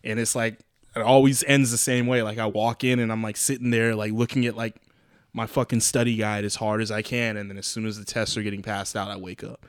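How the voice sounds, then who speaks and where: A man's voice: on the low side, level tone, smooth, no echo, studio quality. Laid-back man co-hosting a podcast. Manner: laid-back, quick interjections, swears freely. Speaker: podcast co-host. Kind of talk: casual chat.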